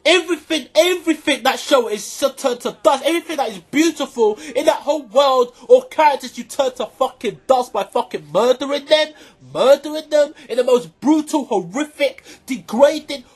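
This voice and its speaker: A vlogger giving an angry, profanity-filled reaction rant to camera, often shouting and repeating points for emphasis. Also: high voice, husky.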